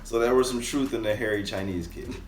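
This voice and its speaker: A man's voice: on the low side, steady tone, a little fast, a little hiss or hum. A man hosting a reaction video, chatting in a laid-back, easygoing way. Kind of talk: casual chat. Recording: roomy with faint music.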